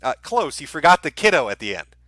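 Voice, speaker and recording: A man's voice: on the high side, very animated, fast, sharp tone, no echo. A man streaming casually, reading out viewer messages and answering with dry, sarcastic asides. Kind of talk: casual livestream commentary.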